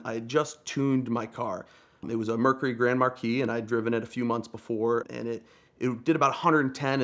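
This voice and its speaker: A man's voice: medium pitch, gravelly. A young man from Vermont telling a casual, chatty, self-deprecating story as a guest storyteller.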